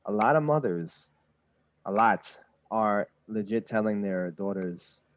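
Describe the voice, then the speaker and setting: A man's voice: lowish voice, expressive, slow pace. A man co-hosting a casual podcast, chiming in with slangy remarks. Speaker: podcast co-host.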